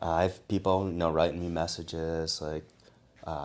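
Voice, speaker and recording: Deep-voiced man, halting casual chat. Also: level tone. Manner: halting, softens his words with fillers, jokes around. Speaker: podcast guest, comedy show host.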